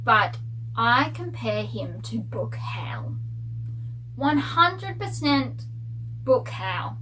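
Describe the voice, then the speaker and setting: A woman talking through her reading in a lively, gossipy rant. Her voice sits a little high for a woman, with a faint hum in the background. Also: very slow, poor audio. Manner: animated, ranting, gossipy. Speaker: book vlogger. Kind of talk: casual spoiler book review.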